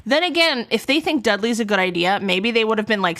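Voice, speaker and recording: A woman chatting casually on a live stream, rambling and cutting herself off mid-thought. Her voice swings widely in pitch, and coughs break up her talk now and then. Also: a little fast. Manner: rambling, animated, frequent self-interruptions. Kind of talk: casual live-stream book critique chat.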